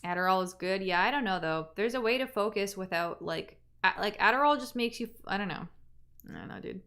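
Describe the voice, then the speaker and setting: A woman's voice: medium pitch, brisk, a bit bright. A young woman from Canada chats loosely with her livestream viewers. She rambles, trails off mid-thought and starts her sentences over. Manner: chatty, trailing off and restarting. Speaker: livestream host. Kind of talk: casual livestream chat.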